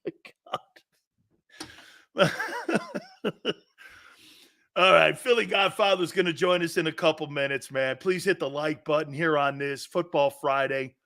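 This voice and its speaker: A man hosting a sports talk show, telling stories loudly and laughing often between lines. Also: fairly high pitch, unhurried, pauses often. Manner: loud, laughing, storytelling.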